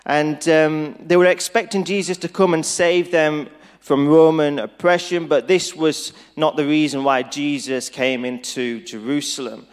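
A man preaching a Good Friday sermon as pastor, slow and earnest. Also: fairly high pitch, steady tone. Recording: reverberant hall.

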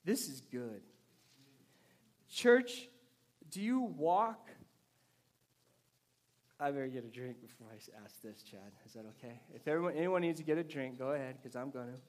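A man preaching a sermon to his congregation with energy, swinging between loud, emphatic bursts and quiet intensity. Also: mid-range voice, fast talker, few pauses. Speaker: pastor. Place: church service before a congregation.

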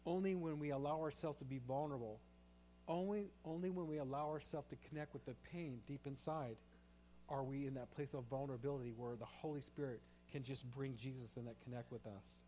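A male pastor preaching a sermon, moving from quiet, reflective passages to loud, impassioned pleas. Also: medium pitch, steady tone, brisk, a little hiss or hum.

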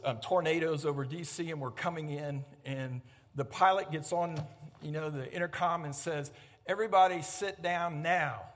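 A male pastor preaching a sermon in a church and telling lively stories, now and then acting out shouts. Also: fairly high pitch, in a large hall. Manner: animated storytelling, acting out shouts. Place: church sanctuary.

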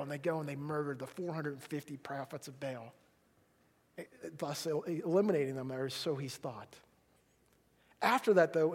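A man preaching a sermon in a conversational way, asking the audience questions and swinging between loud emphasis and hushed quiet lines. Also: high voice, slightly rough. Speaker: pastor.

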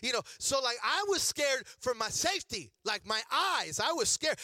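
A high-pitched man in his forties preaches in an animated, humorous storytelling style. His voice is very bright and forceful. The sound is dry and close. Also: normal speed, hardly any pauses, dry recording. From Chicago area, USA. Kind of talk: storytelling sermon.

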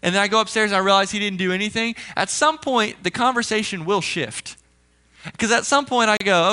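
Young male pastor, high bright voice, conversational animated sermon delivery. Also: a little fast, smooth. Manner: conversational, animated storytelling preacher.

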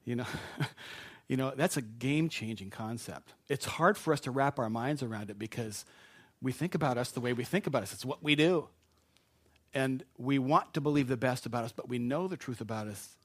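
A man's voice: mid-range voice, brisk. A man preaching a sermon to a live congregation in a conversational way, with asides and self-deprecating jokes.

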